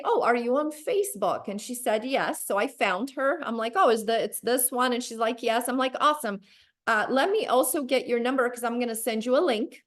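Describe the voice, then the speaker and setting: Woman trainer, lively and chatty, slightly high-pitched, coaching a team over a video call. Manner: animated, acts out dialogue in a bright high voice. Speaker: guest sales trainer. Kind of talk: motivational sales training talk.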